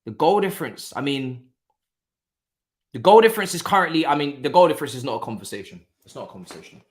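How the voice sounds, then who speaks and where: A young man hosting a casual live football watchalong, talking in an animated, repetitive way with lots of slang and laughter. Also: medium pitch, fast. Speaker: watchalong host. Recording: roomy echo.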